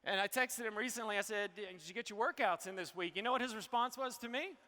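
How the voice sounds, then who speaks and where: A man's voice: high-pitched, fast, pushed and bright. A man giving an emotional, motivational health talk on stage to a live audience. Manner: emotional, preachy motivational delivery. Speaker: health speaker presenting to an audience. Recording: hall reverb.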